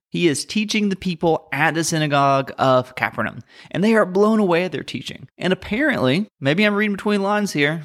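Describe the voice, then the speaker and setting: Man, slightly higher voice, Bible teacher, conversational, dry humor. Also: fairly bright tone. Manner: conversational with wry asides.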